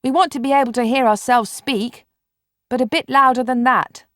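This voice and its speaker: A woman's voice: sits high, fairly even intonation, normal speed, fairly bright tone, dry recording, clean studio sound, voice pushed up. A woman doing a proud, eager young boy. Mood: curious. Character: cheerful, determined young boy.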